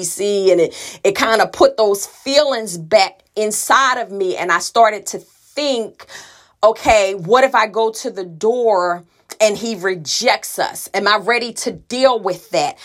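Middle-aged woman telling a personal story. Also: fairly low pitch. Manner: conversational, acts out quoted voices. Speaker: listener sharing a story.

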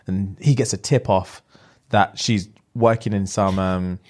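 A young man with a low voice chats casually, a little slowly, retelling a film plot in slang. He's an animated storyteller who acts out the characters' lines.

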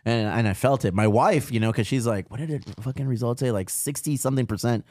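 A man's voice: medium pitch, quick pace, no room sound, clean studio sound. A man, co-hosting a podcast and telling stories in a casual, profane way. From United States. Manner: profane, animated storytelling. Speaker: podcast co-host. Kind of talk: casual chat.

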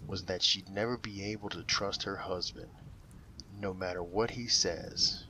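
A man reading a dramatic story aloud in a measured, emotive way. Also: deep voice, fairly even intonation, pushed and bright, slight background noise, rough recording. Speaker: narrator.

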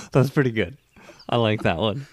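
A man co-hosting a casual podcast chat, easygoing and quick to laugh at his own jokes. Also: mid-range voice, expressive, no room sound. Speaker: podcast co-host.

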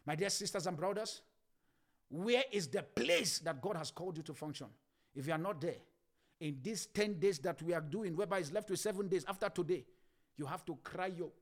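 A man's voice: high voice, expressive, brisk. A middle-aged male pastor preaching a sermon emphatically, swelling and dropping his volume and repeating phrases.

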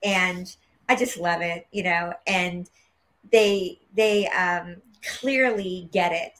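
A woman guest in an interview, an animated storyteller who acts out the dialogue she quotes. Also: lowish voice, slow pace. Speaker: guest, medical intuitive healer.

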